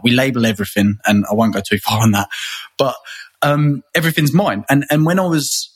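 A man from England talks as an interview guest, his voice a little husky and breathy. He rambles, restarts and repeats words as his thoughts come together. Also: mid-range voice, steady tone, brisk. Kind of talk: conversational interview.

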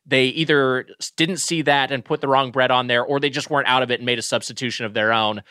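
Bright-voiced man reviewing food. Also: mid-range voice, steady tone, fast, clear, resonant tone, no echo, studio quality. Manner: rambling, restarts often, emphatic. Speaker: podcast co-host. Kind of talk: casual comedic food review chat.

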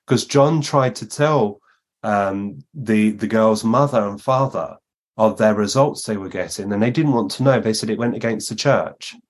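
Man with a lower voice, long anecdotes on a conversation show, quotes others in their voices. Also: normal speed. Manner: narrates at length, acting out the speakers he quotes. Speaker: guest medium.

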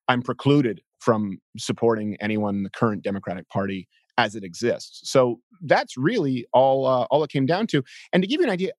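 A man in his thirties from Canada is a guest on an interview show, telling stories with loud, lively energy. He keeps breaking into high squealing impressions, and the close, dry recording has no room sound. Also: no echo. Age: 30s. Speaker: podcast guest. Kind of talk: animated interview storytelling.

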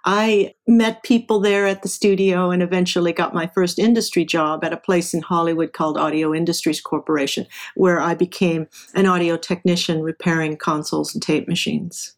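A woman's voice: lowish voice, steady tone, moderate pace, few pauses. A middle-aged woman from Southern California, telling stories from her career as an interview guest. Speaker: interview guest, engineer and professor. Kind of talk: casual storytelling.

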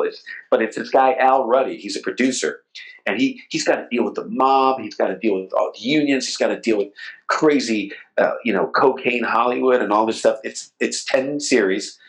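A man's voice: mid-range voice, rough recording. A man hosting a sports podcast, chatty and jokey, rambling through stories in casual conversation. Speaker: podcast host.

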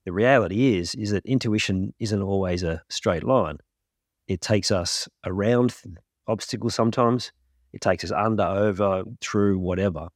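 A man speaking as a podcast guest, his voice very low and steady. He explains his ideas calmly and reflectively at length, in a close, dry recording. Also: moderate pace, dry recording. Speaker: podcast guest, grief coach. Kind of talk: interview explanation.

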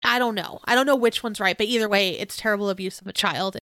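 Animated woman, dry close sound. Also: medium pitch, fast talker, no echo. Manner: animated, laughs often, acts out quotes. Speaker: podcast co-host. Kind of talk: casual true-crime chat.

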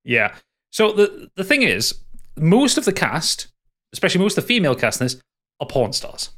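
A man's voice: sits high, big pitch swings, moderate pace, bright, forceful tone. A man, co-hosting a casual podcast, recapping a bad film in a sweary, exasperated way with many restarts. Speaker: podcast co-host reviewing a film. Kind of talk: casual chat.

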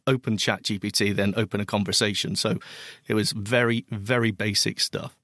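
A man with a West Country English accent, co-hosting a podcast in relaxed, enthusiastic chat about tech, with hesitant fillers. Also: on the low side, normal speed, no echo, clean studio sound. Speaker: podcast co-host.

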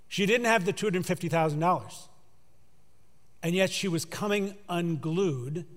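A man preaching a sermon through a story, in a conversational way that drops to a hush for emphasis. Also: a little high. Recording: long hall reverb.

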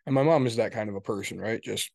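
A man's voice: on the low side, quick pace, vocal fry, a little mellow, no echo, clean studio sound. A man co-hosting a podcast in casual chat, rambling and swearing, often tagging his points with "right?". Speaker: podcast co-host.

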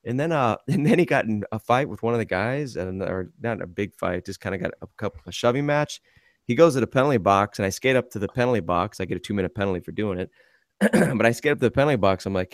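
Low-voiced man telling hockey stories. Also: lively intonation, quick pace, no room sound, studio quality. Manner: rambling storyteller, laughs through his anecdotes. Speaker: podcast host and rec-league goalie. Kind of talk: casual sports podcast chat.

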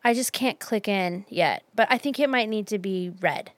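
A woman's voice: mid-range voice, moderate pace, no room sound. A woman co-hosting a casual podcast chat with friends, talking in chatty bursts that often restart mid-sentence. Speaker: podcast co-host.

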